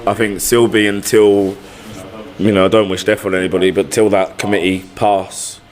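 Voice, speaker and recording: Blunt, sweary football manager. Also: male voice, lowish voice, little pitch movement, moderate pace. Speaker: football manager, podcast guest. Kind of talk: casual storytelling chat.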